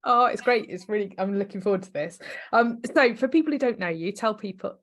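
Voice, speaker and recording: Fast-talking woman podcast host. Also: mid-range voice, animated. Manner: friendly and upbeat, jokes at her own stumbles. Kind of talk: casual podcast interview.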